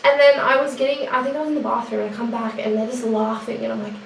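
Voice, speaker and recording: Brief: chatty woman in her twenties, high and animated, faint room noise. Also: gravelly. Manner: lively, laughing, quick reactions. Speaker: podcast guest. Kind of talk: casual chat, storytelling. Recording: echoey room, far from mic, faint noise.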